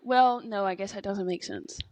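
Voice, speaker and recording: A woman's voice: mid-range voice, moderate pace, a little mellow, no echo. A young woman co-hosting a podcast, chatting casually and rambling with lots of "like"s. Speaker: podcast co-host. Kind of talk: casual chat.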